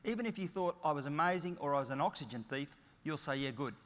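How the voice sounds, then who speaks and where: A man's voice: on the high side, lively intonation, fast. A middle-aged Australian man giving a motivational conference keynote, emphatic and story-driven with punchy short phrases. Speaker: keynote speaker. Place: large conference hall. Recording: long hall reverb.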